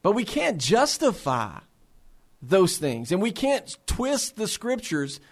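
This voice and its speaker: Man, high voice, impassioned, rhetorical questions, earnest address to believers. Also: huge pitch swings, slow pace. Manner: impassioned, rhetorical questions, repeats words when starting phrases. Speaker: speaker for a faith-based resource center.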